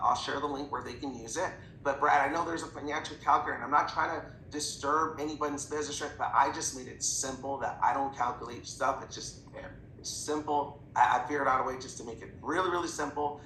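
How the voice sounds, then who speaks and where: A man giving a sales training talk to his team, talking fast and acting out bits of dialogue with clients. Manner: fast, animated, slips into quoted voices. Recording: echoey room with faint rumble.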